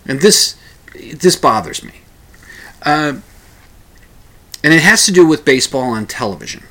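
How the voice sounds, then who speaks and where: A man's voice: a little high, very animated, measured pace, sharp tone. A man hosting a casual spoken monologue, rambling with many restarts and small chuckles.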